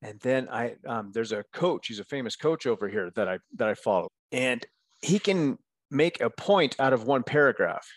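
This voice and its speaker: A man's voice: medium pitch, animated, moderate pace. A man speaking as a guest coach in a casual podcast interview, talking candidly and encouragingly and often checking in with "right?". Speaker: guest, men's coach and author.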